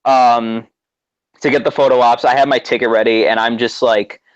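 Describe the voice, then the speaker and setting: A man excitedly recounting a story in casual chat, with many fillers and restarts. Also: mid-range voice, normal speed, highs cut off. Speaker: guest co-host.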